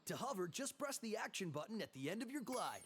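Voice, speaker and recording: Brief: a helpful game guide, high and bouncy, reverb and game music. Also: male voice, big pitch swings, quick pace, a bit bright, a little hiss or hum, heavily acted.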